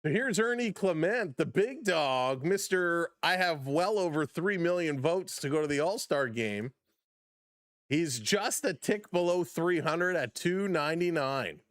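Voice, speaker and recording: A man hosting a live baseball play-by-play stream, excitable on big plays, chuckling often and greeting chat viewers by name. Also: fairly high pitch, a little slow, dry recording, studio quality.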